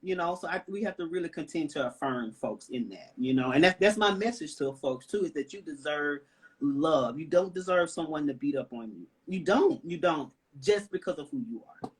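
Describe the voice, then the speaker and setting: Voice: medium pitch, expressive, moderate pace, breathy edge. Emphatic Southern-accented panelist. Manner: emphatic, repeats "right?" and "you know?". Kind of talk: impassioned panel talk.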